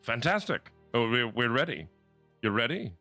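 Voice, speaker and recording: A man's voice: mid-range voice, very animated, bright, forceful tone, no room sound, faint music behind, voice pushed up. A man voicing a theatrical male circus ringleader in a tabletop game, grandiose and pushy, stretching his words. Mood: persuasive. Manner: grandiose, wheedling, drawn-out.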